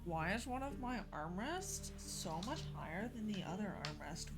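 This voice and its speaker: A young woman chatting casually with viewers during a game live stream, bubbly and quick to laugh. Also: medium pitch, big pitch swings, over loud music.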